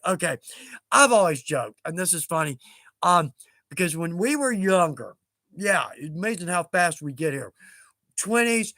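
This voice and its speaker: A man in his fifties hosts a casual livestream, his voice sitting high for a man. He rambles through stories in a chatty, self-mocking way, chuckling often. The sound is close and dry. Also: bright, forceful tone, no room sound. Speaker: livestream host.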